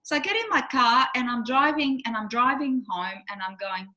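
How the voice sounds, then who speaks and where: A woman's voice: a little high, normal speed. A middle-aged woman, a relationship coach, chatting casually and acting out the people in her stories. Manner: animated storyteller, acts out quotes. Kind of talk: casual chat.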